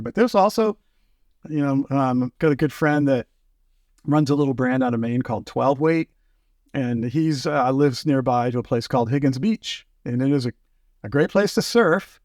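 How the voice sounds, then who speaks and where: A man telling fishing stories as a podcast guest, in casual chat, animated and full of fillers. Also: medium pitch, no room sound, studio quality. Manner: animated, acts out quotes, many fillers.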